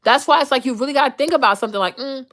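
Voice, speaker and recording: A fairly high-voiced young woman speaks straight to her audience in an uncensored rant. She is blunt, profane and animated, cussing her way through the point she is making. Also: very fast. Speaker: host. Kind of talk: uncensored casual rant to viewers.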